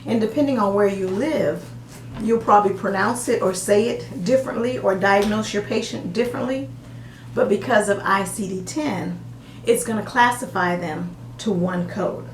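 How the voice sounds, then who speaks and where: A woman's voice: medium pitch, moderate pace, echoey room, a little hiss or hum. A woman with a Southern US accent, teaching medical coding in a casual, folksy way with everyday examples. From American South.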